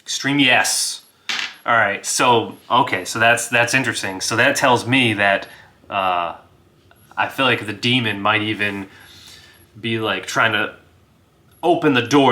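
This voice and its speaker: A man narrating a solo tabletop role-playing game in a relaxed way, rolling dice and chuckling as he goes. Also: on the low side, normal speed. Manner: relaxed, laughs, talks to himself about rolls. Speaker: game master and player.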